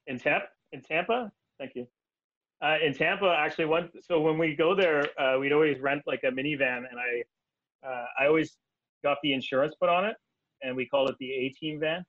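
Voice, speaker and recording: A Canadian man spinning stories in an easygoing conversation. His voice sits a bit high for a man and comes through dull and boxy. He is animated and laughs along, and his voice jumps up whenever he quotes someone. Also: fairly quick, no room sound. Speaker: guest. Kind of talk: casual storytelling.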